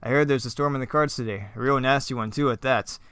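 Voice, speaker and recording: An obliging, folksy limo driver, read aloud by a man in a script reading. He is eager to please and a little sinister underneath. The tone is smooth and the recording close and dry. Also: mid-range voice, fast talker, a bit bright, dry recording, close to an everyday voice.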